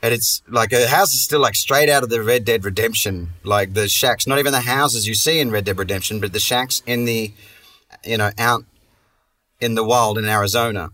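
Sweary guy rambling through a comic story, bright sharp voice, sitting back from the mic. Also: fairly low pitch, moderate pace, far from the mic. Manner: rambling, swears a lot, restarts his sentences.

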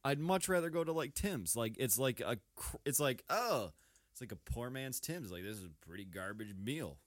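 A man co-hosting a casual sports podcast, opinionated and animated, laughing mid-sentence. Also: medium pitch, moderate pace, dry recording. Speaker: podcast co-host. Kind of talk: casual chat.

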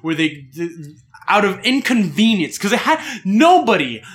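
A young man with a high, bright voice talks in a casual podcast chat. He is animated and crude, swears freely, and slips into mocking voices to act out his jokes. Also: moderate pace. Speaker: podcast co-host.

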